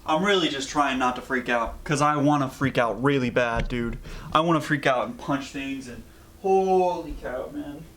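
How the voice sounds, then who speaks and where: A man's voice: medium pitch, normal speed, bright, forceful tone. A young man vlogging casually in a rambling, anxious way, with lots of fillers. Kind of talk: casual vlog.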